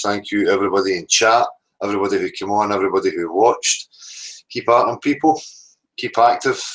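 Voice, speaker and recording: Scottish guy hosting a live chat, lowish voice, lots of ums, rambly sign-off. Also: a bit bright, rough recording. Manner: rambling, hesitant with many ums. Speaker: livestream host.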